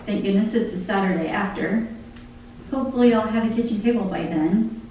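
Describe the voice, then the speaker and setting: A woman's voice: mid-range voice, brisk, mellow. A woman giving a conversational devotional talk, chatting about her busy week and listing chore after chore. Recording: very echoey room from far off, faint hum.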